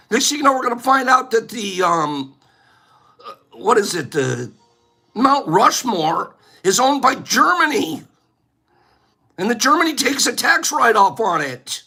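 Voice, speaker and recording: A man chats casually on his own livestream, rambling from one joking rant to the next. His voice is bright and slightly husky, and his pitch swings all over the place. Faint music plays behind him. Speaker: livestream host giving away plates.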